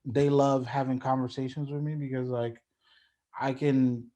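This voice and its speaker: A young man, a guest musician, talking in a relaxed, loose podcast chat and leaning on "like" and "you know". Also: medium pitch, unhurried. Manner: laid-back, heavy on "like" and "you know".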